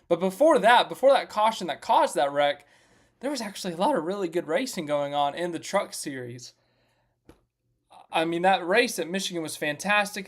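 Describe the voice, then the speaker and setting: A young man hosting a casual live stream, chatting and joking as he recaps racing and greets viewers by name. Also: high-pitched. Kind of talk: casual motorsport recap chat.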